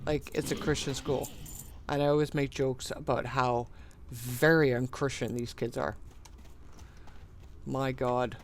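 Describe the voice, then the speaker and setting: An adult streamer talks slowly and unhurriedly, drifting from one anecdote to the next while playing. The voice sits at an ordinary middle pitch. Laughs, sighs and mild swearing keep it loose and conversational. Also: steady tone, a little hiss or hum. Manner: meandering, chuckling, sighing, mildly profane. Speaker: gaming streamer. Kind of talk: casual rambling storytelling while playing.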